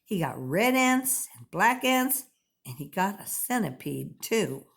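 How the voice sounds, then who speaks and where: A woman reads a children's picture book aloud, slowly and clearly. Her pitch rises and falls with lively expression, keeping young listeners engaged.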